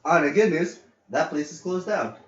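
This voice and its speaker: In a casual podcast chat, a man host with a fairly high voice tells work stories at a normal speed. He's animated and swears a lot, loudly acting out the people he quotes and laughing along. The audio is echoey, dull and lo-fi.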